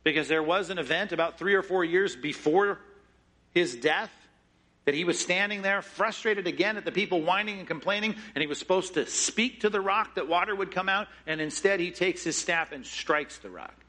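A man preaching a sermon, acting out quoted prayers and lines from scripture with lively shifts in voice. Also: moderate pace. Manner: expressive, acts out scripture quotes with shifting pitch and pace. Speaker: pastor.

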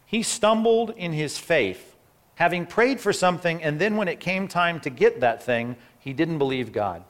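A man preaching a sermon, animated and asking rhetorical questions, acting out the people in the story. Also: medium pitch. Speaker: pastor.

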